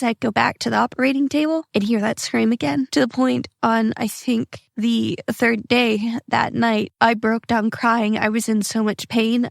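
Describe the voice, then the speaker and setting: A woman's voice: on the high side, vocal fry, no room sound, studio quality. A young woman hosting a podcast, telling a personal story in an earnest, emotional, plain-spoken way. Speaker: podcast host.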